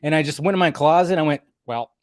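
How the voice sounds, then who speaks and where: A man's voice: a little high, quick pace, dry recording, clean studio sound. A man hosting a casual live stream, chatting and thinking aloud while he sets things up. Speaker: stream host.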